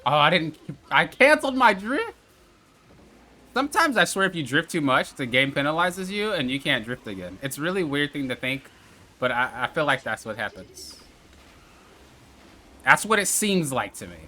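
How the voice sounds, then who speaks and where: A man's voice: fairly high pitch, sing-song, normal speed, sharp tone. A young man hosting a gaming channel, casually talking viewers through a racing game tutorial and repeating steps as he coaches them. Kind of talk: gameplay tutorial commentary.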